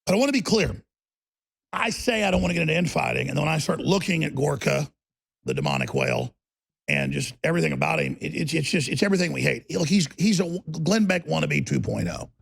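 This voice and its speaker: Man, talk show host, ranting, very gravelly, raspy, slightly high. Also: animated, fast talker. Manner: combative, ranting, mocking. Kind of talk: heated radio talk monologue.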